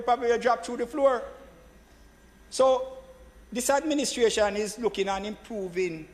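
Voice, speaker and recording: A man giving an emphatic parliamentary debate speech as a government senator, repeating phrases and addressing the chair. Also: high voice. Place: senate chamber. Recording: long reverb of a chamber hall.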